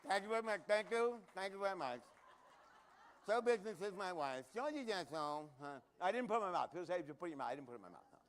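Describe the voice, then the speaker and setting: High-voiced joking stage magician man. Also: very animated, a little hiss or hum. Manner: joking, quick asides to the crowd. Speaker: comedy magician. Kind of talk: live stand-up magic act. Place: comedy showroom stage.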